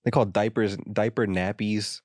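A man's voice: fairly low pitch, steady tone, normal speed, a little mellow, dry recording, studio quality. A young American man in casual chat, ranting and joking with a lot of slang.

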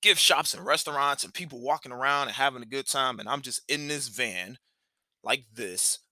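A man's voice: mid-range voice, moderate pace, pushed and bright, no room sound. A man hosting a podcast, telling a rambling, earnest personal story with frequent restarts and asides. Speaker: podcast host. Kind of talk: reflective storytelling monologue.

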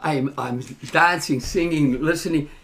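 A man's voice: on the high side, a little slow. A man casually telling a story to listeners, acting out the dialogue as he goes. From Canada. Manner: animated, acts out quoted dialogue.

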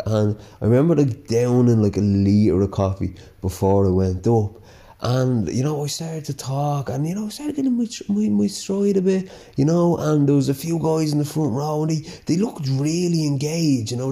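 A man's voice: mid-range voice, gravelly, dark tone. A man with a Dublin accent casually telling stories about his life, chatty and full of "you know" and "like", often laughing as he goes. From Ireland. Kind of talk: casual personal storytelling.

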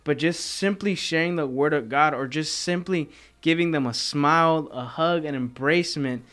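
A man in a casual faith chat, talking haltingly with many restarts. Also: a little high, a bit bright. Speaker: co-host of a faith talk.

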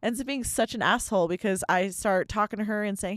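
A woman's voice: medium pitch, fairly quick, a bit bright, no room sound, studio quality. A young woman co-hosting a podcast, telling work stories in casual, profane chat. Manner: profane, storytelling, laughs often. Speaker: podcast co-host.

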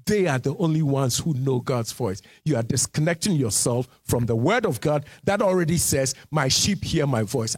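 A man preaching a sermon as pastor, repeating phrases and firing questions at his listeners, dropping low and steady, then rising to shouts. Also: moderate pace, few pauses, husky, no room sound. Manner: repeats words for emphasis and asks the congregation questions.

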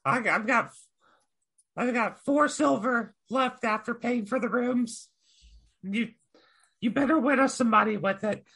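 A timid little goblin fellow stutters in a squeaky, strained voice and sounds a bit off-mic in a tabletop game, put on by a man. The tone is bright and thin, and his words trip over each other. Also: measured pace, vocal fry, pauses often, breathy edge, exaggerated voice. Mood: stubborn. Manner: stammering, hesitant. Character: timid male goblin adventurer, stammering.

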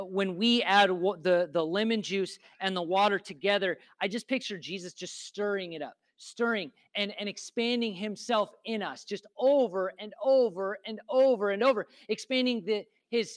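A man's voice: sits high, fairly bright tone. A male pastor giving a sermon, talking casually and emphatically, repeating phrases for stress and asking the crowd rhetorical questions. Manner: conversational with asides and rhetorical questions.

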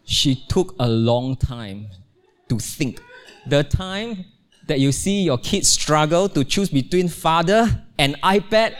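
A middle-aged man preaching a sermon in a church, telling a family story with playful humor and lively exclamations. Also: takes it slowly. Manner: animated storytelling, playful, exclaims with rising pitch. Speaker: pastor. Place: church, also streamed online.

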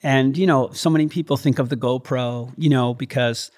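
A man's voice: mid-range voice, fairly even intonation, normal speed, a little mellow. A middle-aged man hosting a casual interview, enthusiastic and loose, with lots of fillers and the odd swear. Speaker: podcast host.

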